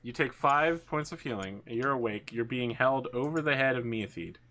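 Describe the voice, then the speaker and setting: Bright-voiced male game master. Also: mid-range voice, slight background noise. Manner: slows down for dramatic narration. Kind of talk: narrating a tabletop game.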